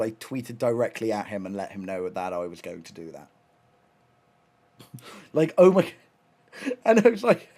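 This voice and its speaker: This mid-range voice belongs to a young man talking loosely on a live stream. He's excitable and meandering, swears constantly, and keeps restarting what he's saying.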